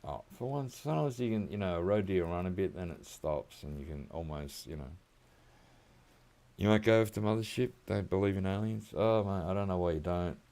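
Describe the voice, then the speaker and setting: A middle-aged Australian gaming streamer with a deep, gravelly, dark, and mellow voice talks loosely over gameplay at a moderate pace. He rambles in a relaxed way, dropping slang like "mate" and "reckon" along with easy chuckles.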